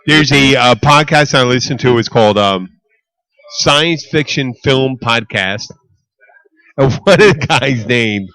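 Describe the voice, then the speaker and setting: Animated swearing man, bright voice. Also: medium pitch, dry recording. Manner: animated, swearing, quick to riff. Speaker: podcast co-host. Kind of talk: casual chat.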